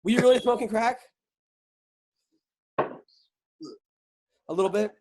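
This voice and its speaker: A man's voice: sits high, steady tone, a little slow, a little mellow. A man hosting a podcast, teasing his guest in casual banter with frequent laughs and restarts. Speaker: podcast host.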